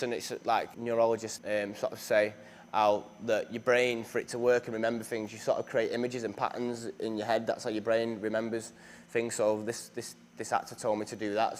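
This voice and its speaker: A man's voice: mid-range voice, slight background noise. Chatty young man. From northern England. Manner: chatty, self-deprecating, many fillers and restarts. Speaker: actor being interviewed. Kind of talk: casual interview.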